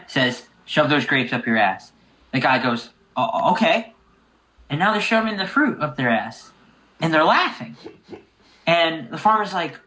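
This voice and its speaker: A young man with a bright, forceful voice, higher than most men, telling a long joke on a casual podcast. He acts out each character as he goes, in an animated storytelling manner. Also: poor audio. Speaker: podcast co-host.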